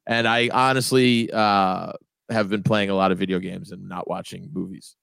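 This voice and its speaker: A man's voice: low-pitched, little pitch movement, normal speed, creaky, a bit bright, clear, resonant tone, no echo. A man co-hosting a podcast in casual chat, laid-back and joking, swearing casually. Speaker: podcast co-host.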